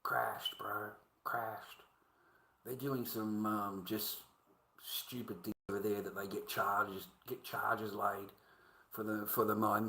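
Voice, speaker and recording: A livestreamer with an Australian accent and a fairly low, sharp voice rambles in a coarse, slangy, combative way. He often trails off into mumbles, and the recording is low quality.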